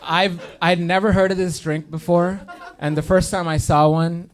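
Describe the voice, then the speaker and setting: A man in his thirties from India doing a stand-up set on stage in a comedy theater, speaking in a dry, deadpan way and pausing for punchlines. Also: high voice. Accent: neutral American-sounding. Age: 30s. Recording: live room with audience noise. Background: audience laughter.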